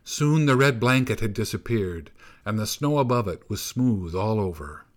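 A man reading a folk tale aloud in a measured storybook narration. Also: on the low side, lively intonation. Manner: slow, measured, hushed at times.

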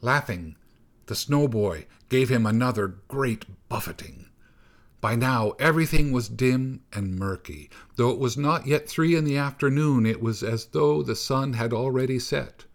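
A man reading a folk tale aloud in a measured storybook narration. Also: medium pitch. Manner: slow, measured, hushed at times.

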